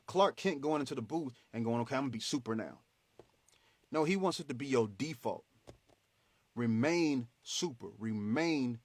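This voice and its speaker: A man hosting a motivational faith talk, animated and preachy, in a slangy, conversational way. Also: mid-range voice, no room sound. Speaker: host.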